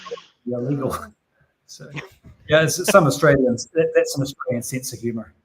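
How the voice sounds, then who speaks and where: A man from New Zealand with a mild New Zealand accent, talking fast and chatty as a podcast guest. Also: mid-range voice, a crowd in the background. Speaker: guest analyst. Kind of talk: casual podcast conversation.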